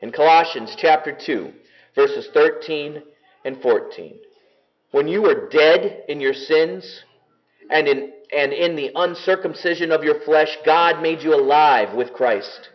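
A man's voice: a little high, unhurried. A man preaching a sermon as pastor, earnest and enthusiastic in a conversational way. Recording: dull lo-fi recording.

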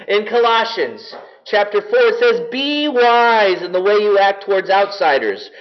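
A man preaching a sermon to a congregation, earnest and measured, slowing down to stress key words. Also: sits high, highs cut off. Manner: earnest, measured with slowed emphasis.

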